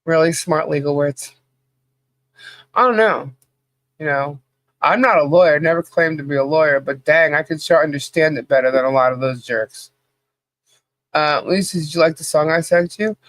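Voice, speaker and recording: A woman's voice: sits low, normal speed, long pauses, a bit bright, dry recording. A woman co-hosting a casual livestream podcast, chatty, laughing often and greeting viewers by name. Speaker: podcast co-host.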